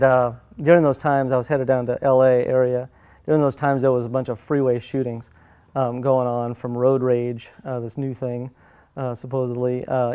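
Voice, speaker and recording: Middle-aged guy telling family stories, smooth voice, lots of uhs and restarts. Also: mid-range voice. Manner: halting, many fillers and restarts, soft-spoken. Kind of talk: casual personal storytelling.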